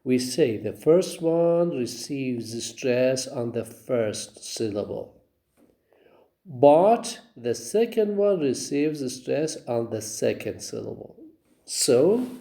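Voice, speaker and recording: Slow, lively male teacher. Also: medium pitch, creaky, echoey room. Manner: slow, repeats words to demonstrate stress; hesitant, fills pauses with "uh". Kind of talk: phonetics lecture.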